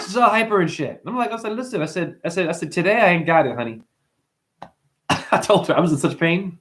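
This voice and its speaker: Male livestream host, high-pitched, profane, animated rant. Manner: profane, animated, mimics customers in high voices.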